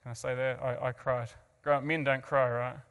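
A man's voice: medium pitch, level tone, normal speed, a bit bright, long reverb tail, dull audio. A man from New Zealand with a New Zealand accent, earnestly telling an audience his personal story with self-mocking asides and frequent restarts. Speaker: guest speaker.

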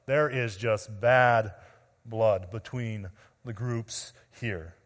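A man preaching an expository sermon as pastor, earnest, addressing the men and women before him, often dropping quietly at the ends of phrases. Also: fairly low pitch, extremely slow. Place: church sanctuary. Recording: long reverb of a large room.

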